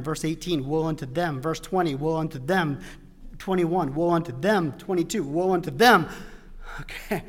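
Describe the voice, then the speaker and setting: Slow-talking preacher in a reverberant hall. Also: male voice, on the high side. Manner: conversational, with restarts and sudden loud emphasis. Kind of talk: sermon. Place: church sanctuary. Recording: long reverb of a church hall.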